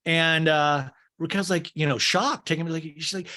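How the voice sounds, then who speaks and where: This host's voice is on the high side, bright and forceful, with fairly even intonation and hardly any pauses at normal speed. He recaps a show in a casual, comedic way that's rambling, jokey, and full of fillers.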